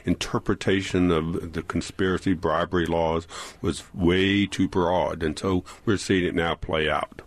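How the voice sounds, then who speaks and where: Deep-voiced southern guy on a radio politics panel, dry quippy delivery. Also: fairly even intonation, no room sound. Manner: wry, quick quips. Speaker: political reporter and regular panelist.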